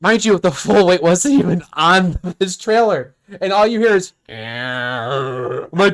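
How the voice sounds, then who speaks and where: A man's voice: high voice, measured pace. A man on a casual podcast, telling a work story with lots of laughter and swearing. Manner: animated, laughs often, profane. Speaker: podcast host.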